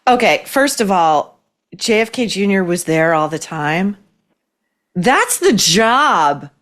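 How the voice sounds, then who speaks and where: A woman's voice: mid-range voice, sing-song, takes it slowly, fairly bright tone. A woman hosting a commentary podcast, talking in a sarcastic, cutting way. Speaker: podcast host. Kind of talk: opinionated commentary.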